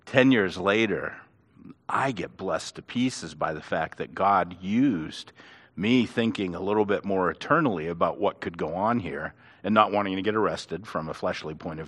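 Lowish-voiced man telling faith stories. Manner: animated storyteller who acts out quotes. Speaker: pastor and author. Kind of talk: storytelling in a faith interview.

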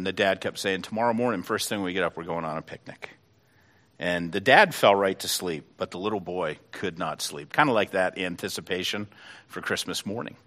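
A middle-aged man preaching a sermon as pastor, fervent and building to loud emotional peaks, then praying. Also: fairly low pitch.

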